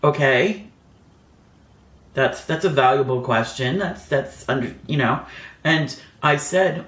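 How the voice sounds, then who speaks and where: A woman's voice: very deep voice, animated, slow, pauses often, roomy sound. A woman telling a personal story in a chatty, rambling vlog style, full of "like" fillers. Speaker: beauty vlogger. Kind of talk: casual storytime.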